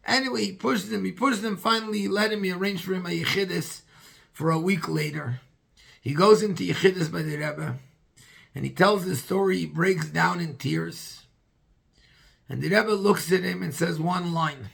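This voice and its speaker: A rabbi telling a story in a sermon, acting out the dialogue with a husky voice and dropping in Yiddish and Hebrew terms. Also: male voice, high-pitched, moderate pace, a bit bright.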